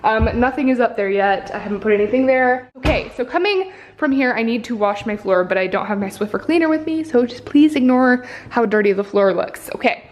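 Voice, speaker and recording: A woman's voice: on the high side, lively intonation, fairly quick, hardly any pauses, muffled recording, a little hiss or hum. A young woman vlogging a casual apartment tour, chatty and upbeat, filming on a handheld camera as she walks through her rooms at home.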